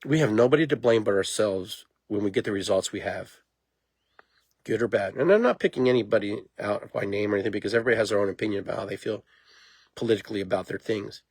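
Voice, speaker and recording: Animated, rambling man hosting a podcast. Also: fairly low pitch, quick pace, breathy edge, dry recording. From immigrant to the United States. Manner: animated, rambling, laughs at himself. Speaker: podcast host. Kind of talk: casual monologue.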